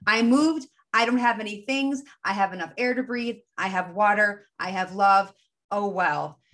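A woman speaks in an earnest, casual way about spiritual self-help, with a voice of middle pitch. She keeps slipping into little acted-out snippets of her inner voices, shifting her tone quickly to play each one. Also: a bit bright.

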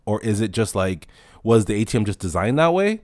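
A man hosting a casual solo podcast, telling profane stories in an animated way and acting out the dialogue. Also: on the low side, brisk, dry recording, clean studio sound. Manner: acts out dialogue in anecdotes. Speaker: podcast host.

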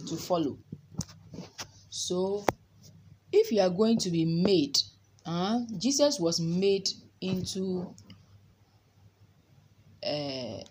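Woman prayer leader, low and unhurried, reverent amens, noisy background. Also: darkish tone. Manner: slow, reverent, with frequent amens and hallelujahs. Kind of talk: informal sermon and Bible reading.

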